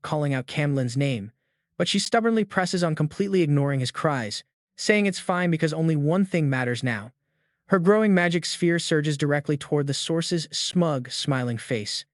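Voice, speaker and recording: A man giving a scripted story recap in an even, steady reading, voicing the dialogue quotes in the same plain tone. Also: fairly high pitch, dry recording, clean studio sound. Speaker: recap narrator.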